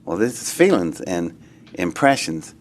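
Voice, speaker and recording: A man being interviewed, telling a long story in a rambling, excitable way that often trails off and starts again. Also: low voice, measured pace. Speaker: interviewee recounting an experience.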